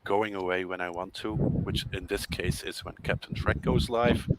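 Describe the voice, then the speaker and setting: A man's voice: low-pitched, fairly even intonation, normal speed, heavy background noise. A man hosting his own stream, chatting casually with dry jokes. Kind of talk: casual chat.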